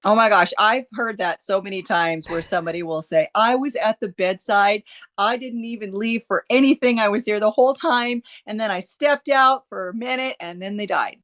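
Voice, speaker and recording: A woman's voice: medium pitch, normal speed, fairly bright tone. A woman who works as a hospice nurse, telling stories earnestly in a casual interview, with frequent restarts and fillers.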